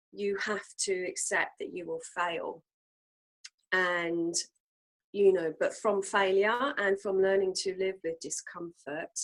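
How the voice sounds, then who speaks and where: A woman co-hosting a casual reflective chat, talking earnestly with many fillers and pauses. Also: lowish voice, rough recording. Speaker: co-host.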